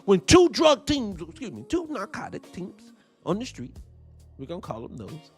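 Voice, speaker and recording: A man's voice: high-pitched, wildly swooping pitch, normal speed, darkish tone, faint music behind. A man hosting a commentary show, ranting in a heated, profane, preaching way. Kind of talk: live-stream commentary with viewer shout-outs.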